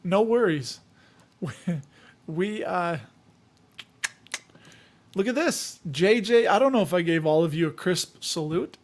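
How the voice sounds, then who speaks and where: A man's voice: high voice, animated, slow pace, pauses often, slight background noise. A man from the Chicago area hosting a casual livestream, reading viewer comments in a jokey, rambling way with frequent chuckles.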